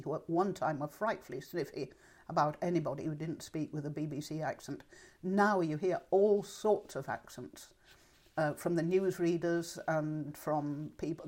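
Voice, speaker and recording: An older woman with a lowish, slightly mellow voice is interviewed for an oral history. She reminisces in a chatty, thoughtful way and speaks her mind.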